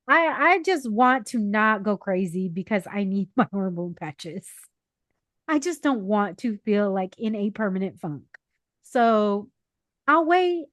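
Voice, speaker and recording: Animated high-voiced woman telling stories. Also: no room sound, clean studio sound. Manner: animated, acts out quoted people. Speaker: podcast co-host. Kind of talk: casual chat, storytelling. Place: parents' house.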